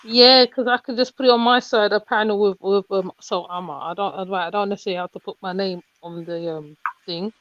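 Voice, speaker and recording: A woman joining a casual group chat as a mother, halting and often repeating herself. Her voice comes through muffled and lo-fi, with no room echo at all. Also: mid-range voice, fairly even intonation, fairly bright tone. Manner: hesitant, repeats words, many fillers. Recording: dull, dry lo-fi audio.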